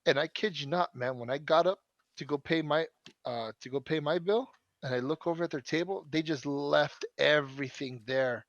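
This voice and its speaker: A man's voice: a little high, moderate pace, no room sound, highs cut off. A young man rambling through a profane story in casual podcast chat. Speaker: podcast co-host.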